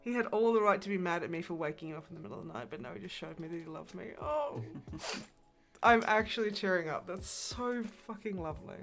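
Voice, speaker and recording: A woman hosting a casual livestream, rambling and swearing freely as she chats and laughs often. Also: medium pitch. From Polish family. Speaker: livestream host.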